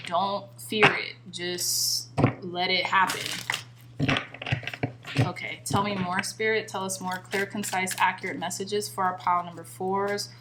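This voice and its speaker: A woman's voice: mid-range voice, very noisy. Earnest woman giving a tarot reading. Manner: repeats invocations to spirit in a chanting rhythm; earnest and emotionally moved. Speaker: tarot card reader. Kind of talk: pick-a-card tarot reading. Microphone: recording herself on camera.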